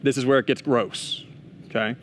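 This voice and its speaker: A young man with a medium-pitched, slightly bright voice and fairly even intonation gives a casual chapel talk to students at a moderate pace, with slight background noise. He tells a story chattily, full of asides and restarts.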